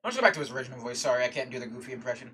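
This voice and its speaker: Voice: mid-range voice, expressive, rapid-fire, noisy background. Brief: an offhand, self-mocking streamer, distant mic. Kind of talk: casual livestream commentary. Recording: distant mic, loud game music.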